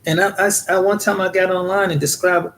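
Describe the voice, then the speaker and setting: A man's voice: sits high, fairly quick, slight background noise. Rambling man with a raised voice. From United States. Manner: rambling, repeats words, animated retelling. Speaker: vlogger. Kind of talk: casual personal monologue.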